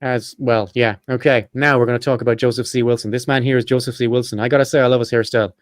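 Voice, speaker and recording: A man hosting a podcast, reading a prepared script quickly with chatty asides and self-corrections. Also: medium pitch, steady tone, dry recording, studio quality. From Ireland. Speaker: podcast host.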